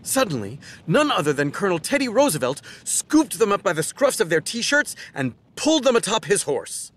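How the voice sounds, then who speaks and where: A man narrating a children's time-travel story in a scripted, expressive reading. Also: high voice, moderate pace.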